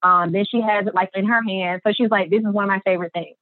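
Woman, mid-pitch, lively storyteller who voices every quote; dry, phone-narrow recording. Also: quick pace, no echo. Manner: lively, acts out quotes with big pitch jumps, many fillers. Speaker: artist and business founder, interview guest. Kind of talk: animated storytelling in an interview.

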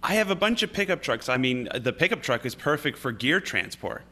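A man's voice: mid-range voice, very animated, fairly quick, sharp tone. A man from upstate New York, a guest musician chatting in an interview and telling anecdotes with frequent restarts. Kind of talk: casual interview chat.

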